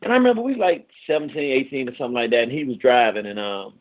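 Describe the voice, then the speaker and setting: An animated male radio host with a lively voice that leaps up in pitch when he gets worked up. He talks to callers in a loose, conversational way. The sound is dull and lo-fi. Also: very fast. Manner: animated, jumps high in pitch when excited. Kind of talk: call-in radio talk.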